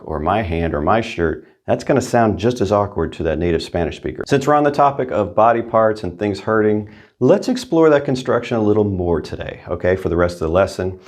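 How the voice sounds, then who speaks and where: Deeper-voiced male teacher, patient lesson delivery that keeps asking the learner "okay?". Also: darkish tone. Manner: patient, checks in with "right?" and "okay?". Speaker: Spanish teacher. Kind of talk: explaining grammar to learners.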